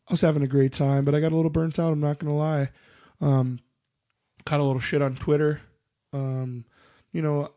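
A man hosting a casual podcast, his voice sitting a little high. He jokes, teases and swears freely in loose banter. The sound is close and dry, with no room around it. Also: mellow, no echo. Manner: joking, teasing, swears freely. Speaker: podcast host.

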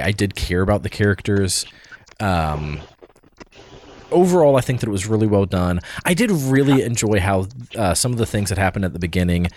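A man's voice: fairly low pitch, a little mellow, a little hiss or hum. A man co-hosting a podcast, chatting casually about a film he saw, rambling with restarts and fillers. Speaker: podcast co-host. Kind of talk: casual film review chat.

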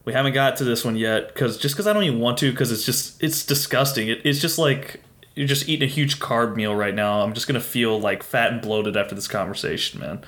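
A man's voice: mid-range voice, a little fast, a bit bright. A man co-hosting a casual sports podcast, ranting with exasperation and plenty of profanity. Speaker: podcast co-host.

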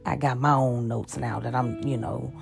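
Woman, very low pitch, gravelly, halting and heavy-hearted, confessional podcast talk, music underneath. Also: steady tone. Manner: halting, repeats words, many fillers; heavy-hearted, openly emotional. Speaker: podcast host. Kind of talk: personal confessional monologue.

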